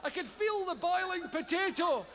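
A Scottish man doing stand-up, telling a profane story in an animated way and acting out yells and strange noises himself. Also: very high voice, moderate pace, big-room sound, over a noisy crowd, heavy background noise. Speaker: stand-up comedian. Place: theatre stage before a live audience.

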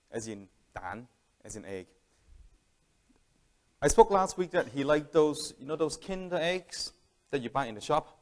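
A man's voice: on the high side, darkish tone. A man preaching a sermon in a plain, conversational way, telling a family story and often restarting his sentences. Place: church hall.

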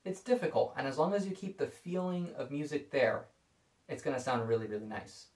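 A man calmly explaining violin bowing technique in a scripted video lesson. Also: medium pitch, fairly quick. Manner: calm, explanatory. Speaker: violin teacher. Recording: echoey room.

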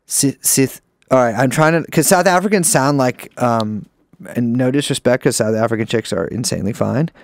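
A young man co-hosting a podcast, rambling and swearing, often cutting himself off, with big jumps in pitch. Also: normal speed, creaky, dry recording. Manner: rambling, swearing, self-interrupting with wide pitch swings. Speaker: podcast co-host. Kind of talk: casual podcast chat.

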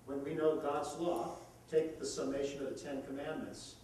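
Middle-aged man pastor, measured and preacherly, far off in an echoey room. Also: fairly high pitch, level tone, a little mellow, slight background noise. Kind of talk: live debate.

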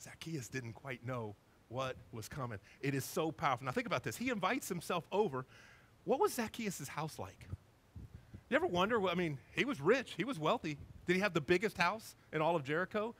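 A male pastor preaching a sermon in an animated, emphatic storytelling manner. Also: sits high, fairly quick.

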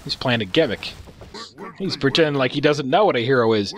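A man's voice: medium pitch, normal speed, a bit bright. A man commentating on game replays in a sarcastic, profane, amused way.

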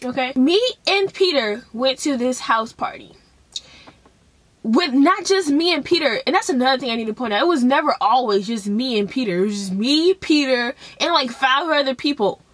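Young woman, high bright voice, casual storytime vlog, profane and animated, acts out the quotes. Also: moderate pace, no echo. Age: young adult. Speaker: vlogger telling a story.

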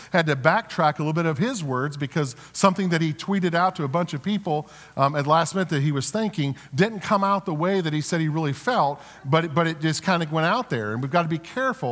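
Pastor with a fairly high voice in a reverberant church. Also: male voice, fairly bright tone. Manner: conversational, storytelling with rhetorical questions and frequent restarts. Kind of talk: sermon. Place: church sanctuary. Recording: long church hall reverb.

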